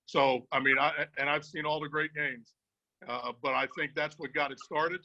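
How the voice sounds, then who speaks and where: A man's voice: on the high side, fairly even intonation, moderate pace, gravelly, bright, forceful tone, dull audio. A man who worked behind the scenes for a football team, telling blunt, joking stories in a casual video chat. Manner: joking storyteller, blunt and profane. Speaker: former football staff member.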